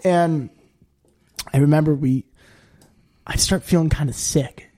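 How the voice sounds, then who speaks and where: Male podcast guest, somewhat high voice, chatty rambling storyteller. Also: unhurried. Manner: rambling and animated, heavy use of "like", jumps to high-pitched quoted voices. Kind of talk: casual storytelling.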